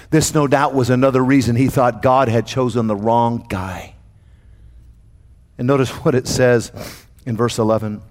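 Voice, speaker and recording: A man's voice: mid-range voice, a little mellow, in a large hall. A man preaching a sermon to his congregation, with a dramatic call-and-response cadence. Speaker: pastor.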